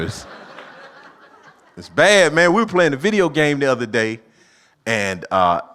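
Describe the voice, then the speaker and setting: A middle-aged man performing stand-up comedy, telling family stories and acting out his own lines in a higher voice. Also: very animated, measured pace, long pauses, a bit bright. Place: church auditorium with live audience.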